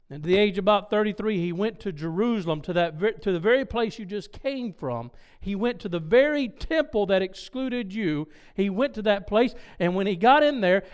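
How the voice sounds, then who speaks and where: High, smooth-voiced male preacher. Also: expressive, moderate pace, hardly any pauses. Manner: retells a scripture story with voiced dialogue, chuckling asides. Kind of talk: sermon storytelling.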